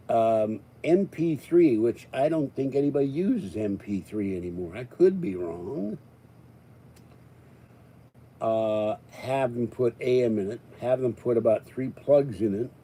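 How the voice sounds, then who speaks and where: A man's voice: fairly low pitch, dark tone, slightly rough. A man hosting a live stream, rambling and joking as he chats. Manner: joking, rambling, chuckling often.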